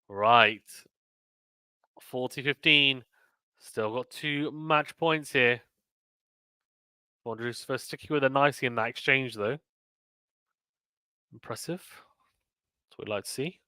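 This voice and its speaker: A man's voice: mid-range voice, slow, long pauses, sharp tone, smooth, dry recording. A young man commentating a tennis match on a live stream, reading viewer comments aloud and chatting between points. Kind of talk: casual play-by-play and chat reading.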